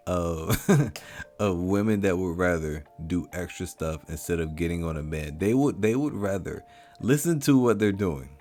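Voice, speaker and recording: Lowish-voiced guy ranting over clips, repeats himself, soft music under it. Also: unhurried. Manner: mocking, emphatic, repeats himself. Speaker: commentary host. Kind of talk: reaction commentary.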